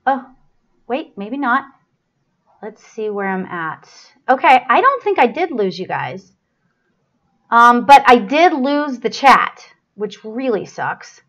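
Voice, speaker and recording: A woman's voice: a little high, big pitch swings, slow, fairly bright tone, highs cut off. A woman hosting a live stream as a psychic medium, chatty and flustered, apologizing and laughing as she gives readings.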